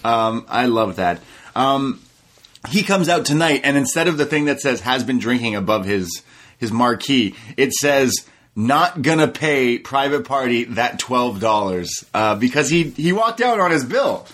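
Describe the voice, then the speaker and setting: A man co-hosting a casual podcast, relaxed as he recaps matches and laughs along. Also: mid-range voice, moderate pace. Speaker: co-host, wrestling reviewer.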